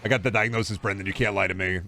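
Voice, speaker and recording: A young man streaming a video game, chatting casually with a rambling, jokey, profane manner and sudden excited outbursts. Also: on the low side, very fast, vocal fry, slight background noise. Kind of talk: casual gaming stream chat.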